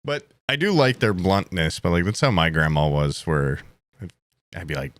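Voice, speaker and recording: A man with a lowish voice that swings up and down a lot, chatting bluntly on a podcast. He tells jokey stories and keeps jumping into quick voices for the people he quotes. The sound is close and dry, with no room around it. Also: sing-song, no echo. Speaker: podcast co-host. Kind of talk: casual chat.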